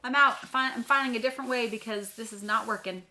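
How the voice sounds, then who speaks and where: A woman voicing a frustrated little male mouse in a storybook, with shrill, exasperated outbursts. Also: fast, bright, forceful tone. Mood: fed up.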